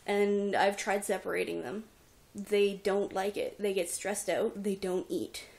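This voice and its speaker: A young woman who runs a reptile rescue vents into a handheld camera held at arm's length at home. Her medium-pitched voice is gravelly and darkish, steady and a little slow, as she rambles frustrated and tearful in an emotional personal vlog.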